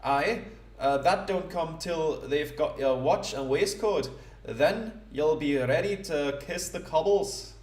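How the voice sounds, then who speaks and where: A man voicing a cocky female Scottish jewel thief in a broad, exaggerated Scottish accent, gruff and slangy. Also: low voice, takes it slowly, a little mellow. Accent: Scottish, parodied. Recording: roomy echo.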